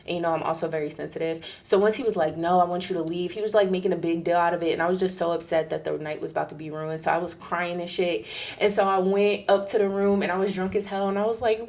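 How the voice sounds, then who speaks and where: A young woman telling a casual story in an animated, profane way, acting out the people she quotes. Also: fairly quick. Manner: acts out quoted people in a higher, louder voice.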